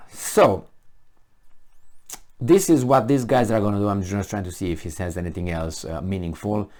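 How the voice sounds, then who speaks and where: A man's voice: lowish voice, unhurried, pauses often, darkish tone. A man giving ranting commentary on a news article, sarcastic, mocking and exasperated. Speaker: political commentator.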